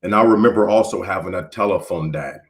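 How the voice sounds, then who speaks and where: A man from Houston, Texas, giving a motivational keynote speech, building through repeated phrases and moving from hushed to forceful. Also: sits low, fast. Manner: preacher-like build-ups, repeating phrases and swinging from soft to forceful. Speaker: motivational speaker.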